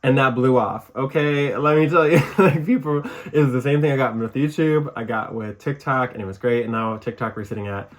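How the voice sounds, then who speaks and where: A man's voice: medium pitch, brisk, few pauses. A man with a Michigan accent hosting a live podcast, talking casually in a rambling way and laughing often. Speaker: podcast host. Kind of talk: casual live-show chat.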